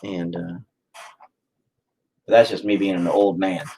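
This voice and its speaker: A man's voice: sits low, flat delivery, takes it slowly, gravelly, warm tone, slightly rough, poor audio. A man chatting casually and profanely while painting on a livestream, rambling and joking. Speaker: streamer painting on camera.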